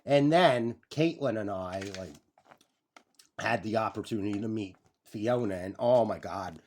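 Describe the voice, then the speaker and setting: A young man hosting a casual vlog, rambling and excitable, swearing freely and jumping off on tangents. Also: fairly low pitch, unhurried. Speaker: YouTube channel host.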